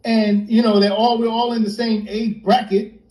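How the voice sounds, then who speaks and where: A fairly high-voiced man from New York tells a story as an interview guest, animated and lively, acting out each friend's lines in turn. His tone is mellow and warm. The sound is roomy, like a livestream from an echoey room. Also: moderate pace. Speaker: interview guest, rapper and producer. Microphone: phone or computer on a livestream.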